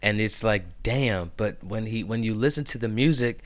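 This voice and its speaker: A man hosting a podcast, gushing about new music in casual chat, stumbling over restarts in his excitement. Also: on the low side, moderate pace. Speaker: podcast host.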